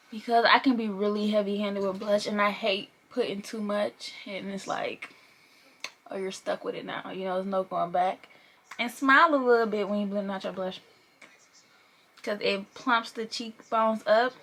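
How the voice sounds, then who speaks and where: A young woman doing a makeup tutorial keeps up casual, playful chatter, laughing and swearing a little while she works. Her mid-range voice is a bit bright, with a steady tone and normal speed, and there's slight background noise.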